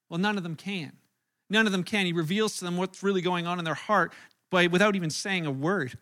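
Male pastor with a high, bright, forward voice; animated sermon storyteller. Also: brisk. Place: church room.

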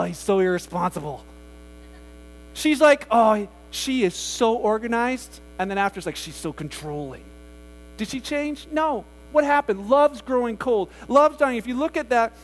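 A man's voice: very high-pitched, a little hiss or hum. A man preaching a casual, conversational sermon as pastor, often acting out quoted voices.

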